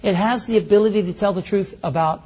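A high-pitched, husky-voiced man preaches in a folksy, conversational way, turning to his congregation with questions. The recording is dull and lo-fi. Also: fast talker, a little mellow. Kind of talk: sermon.

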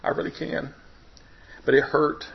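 A man telling his personal faith testimony to a congregation, emotional, his voice rising and breaking at the high points. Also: flat delivery, measured pace, gravelly. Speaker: preacher giving testimony. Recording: dull lo-fi recording.

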